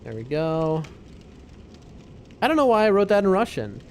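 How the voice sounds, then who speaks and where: Casting: male streamer, slightly higher voice, playful and wisecracking, light background hiss. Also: big pitch swings, moderate pace, pauses often, darkish tone. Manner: joking, playful, talks back to the game. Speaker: livestream gamer host. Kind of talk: casual gaming stream commentary.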